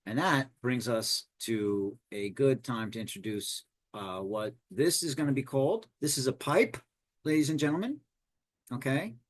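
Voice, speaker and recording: A man teaching storytelling for tabletop games in a loose, animated, digressive way. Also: mid-range voice, a little slow. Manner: animated, digressive, conversational explaining. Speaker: game master teaching storytelling. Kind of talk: informal lesson.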